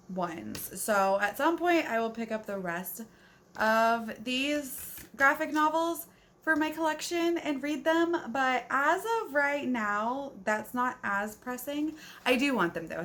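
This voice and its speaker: A woman book vlogger talks in an unhurried, easygoing way, gushing over what she has read. She fills her casual chat with "like" and sounds relaxed rather than polished. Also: a little high. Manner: chatty and gushing, fills speech with "like"; yawning, talking at bedtime. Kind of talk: casual reading vlog chat.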